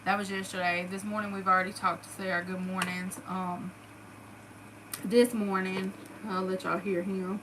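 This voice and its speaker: Against a noisy background, a woman with a Southern US accent tells stories casually to her followers as a vlogger. Her mid-range voice is flat and moderately paced, though she's emotional and uses lots of fillers.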